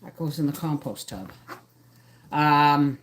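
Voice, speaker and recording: Middle-aged homestead lady chatting on a livestream in her kitchen, low voice, rambly, hops topic to topic. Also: expressive, takes it slowly, background noise. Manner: rambling, jumps between topics. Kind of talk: casual live-stream chat.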